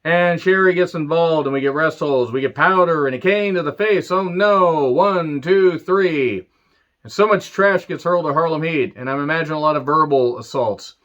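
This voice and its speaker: A man giving a casual, animated review of an old wrestling show, swearing freely and tossing in sarcastic asides. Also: a little high, moderate pace, muffled recording. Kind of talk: casual retro review monologue.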